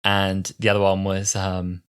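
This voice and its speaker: A young man in his twenties shares opinions on a relaxed podcast. His voice sits fairly low, and his tone is wry and opinionated, with playful impressions slipped in. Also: a little slow, clear, resonant tone. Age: 20s. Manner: opinionated, wry, mimics lines from shows. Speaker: podcast co-host. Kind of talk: casual podcast chat.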